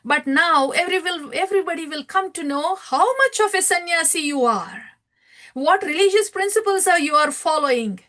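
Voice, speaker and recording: A woman's voice: extremely high pitch, lively intonation, moderate pace, pushed and bright, voice pushed up, heavily acted. A woman voicing an earnest, concerned male devotee who pleads emphatically in a told scripture story. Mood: indignant.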